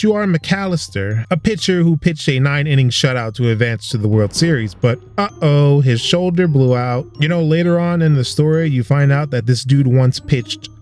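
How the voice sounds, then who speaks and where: A man's voice: on the high side, a little mellow. Sarcastic man narrating game footage. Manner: sarcastic, joking. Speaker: video host. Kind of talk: comedic game commentary narration.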